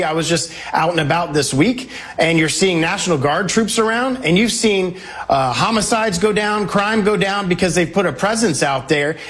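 A man's voice: a little high, fairly bright tone. A man, a congressman and guest, making emphatic, confident points in a political interview.

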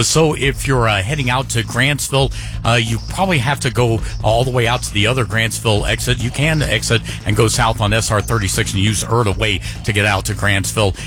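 A man reads the radio traffic report, conversational and hesitant with frequent fillers. His pitch sits in the middle, and a faint music bed runs under him.

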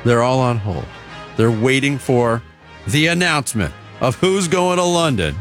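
A man's voice: medium pitch, unhurried, soft background music. A man hosting a sports radio show, joking with co-hosts and a contest winner. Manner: lively, joking, animated.

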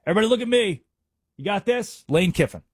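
A man's voice: high voice, expressive, fast talker, slightly rough, dry recording, studio quality, voice pushed up. A man doing a sarcastic impression of a vain male football coach who wants all eyes on him. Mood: mocking. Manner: mocking, sarcastic.

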